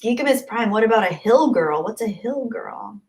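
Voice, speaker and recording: A woman's voice: fairly high pitch, expressive, normal speed, darkish tone. A woman hosting a YouTube livestream, chatting casually and reading out viewer comments before answering them.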